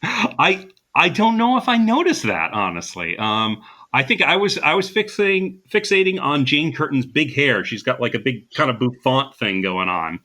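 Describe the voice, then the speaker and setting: Male podcast co-host, bright clear tone, chatty recap style full of ums and uhs. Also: medium pitch, big pitch swings, moderate pace. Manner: chatty, recapping with frequent fillers and laughs. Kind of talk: casual chat.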